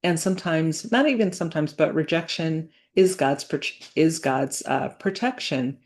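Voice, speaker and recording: A woman speaking to camera in a reflective personal vlog, earnest and halting, with many fillers and restarts. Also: deep voice, a little mellow. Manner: earnest, faith-centered. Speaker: business owner vlogging.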